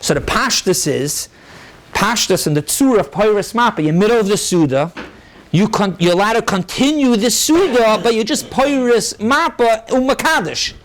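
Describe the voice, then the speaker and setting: A rabbi lecturing a room of listeners, his voice sitting high for a man. He moves briskly through the sources, answers questions as they come, and drops Hebrew and Yiddish terms into his English. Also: animated. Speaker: rabbi teaching a class. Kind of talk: halachic lecture to a live audience.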